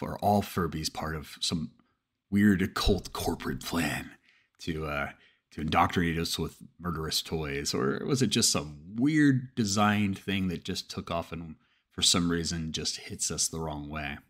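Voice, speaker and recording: A man narrating a first-person horror story in a steady reading voice, with occasional stumbles and restarts. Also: sits low, moderate pace, slightly rough.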